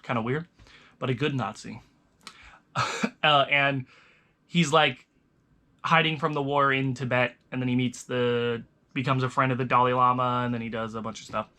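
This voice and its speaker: Bright, rambling young man. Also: mid-range voice, fairly even intonation, normal speed, long pauses. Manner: rambling, loose, restarts sentences often. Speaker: vlogger reviewing movies. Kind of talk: casual chat.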